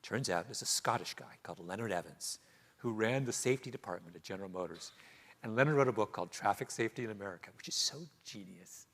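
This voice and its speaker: A man's voice: fairly low pitch, quick pace, fairly bright tone. A middle-aged man, an author, telling stories with animation in an onstage conversation in a theater, laughing often. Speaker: author guest. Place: theater stage before an audience.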